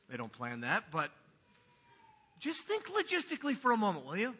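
A man preaching a sermon in a church, swinging from quiet asides to loud, emphatic passages. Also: high voice, huge pitch swings, moderate pace, pauses often, husky. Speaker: pastor. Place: church sanctuary.

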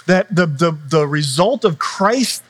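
Middle-aged male pastor, slightly high voice, chatty sermon delivery with restarts. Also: lively intonation, slow pace, fairly bright tone. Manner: conversational preaching with frequent restarts and fillers.

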